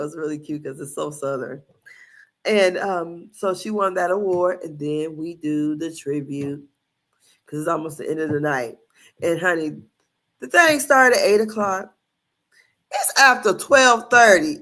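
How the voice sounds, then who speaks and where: Fairly low-pitched and a bit bright, she's a middle-aged woman from Indiana, USA, hosting a laid-back recap podcast. She rambles chattily in casual commentary and laughs often as she tells stories.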